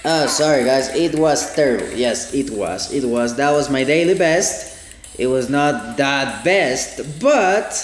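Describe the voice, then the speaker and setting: A man hosting a let's play, commenting on a game with lots of excited exclamations and laughter. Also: medium pitch, unhurried, roomy sound, faint music behind. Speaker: gaming channel host.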